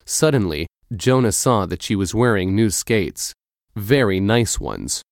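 A man narrating a storybook chapter in a measured, clear reading. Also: lowish voice, expressive, dry recording, clean studio sound. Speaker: audiobook narrator.

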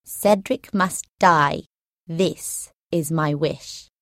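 A woman voicing an angry male goblin captain who gives loud, slow, commanding orders in a storybook reading. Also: low-pitched, dry recording, studio quality. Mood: threatening.

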